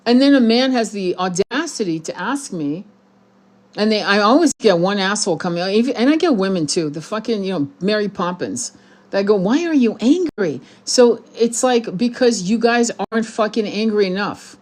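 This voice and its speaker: A woman's voice: medium pitch, lively intonation, normal speed, a little mellow. A woman hosting her spiritual channel, talking bluntly and heatedly to her viewers in a profane, rambling monologue with many restarts. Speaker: tarot channel host.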